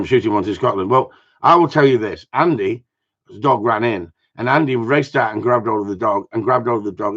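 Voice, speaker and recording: Blunt husky man from Cornwall. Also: lowish voice. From Cornwall, England. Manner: blunt, jokey, plain-spoken. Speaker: gundog trainer answering viewer questions. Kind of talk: casual live training talk. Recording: dull lo-fi sound.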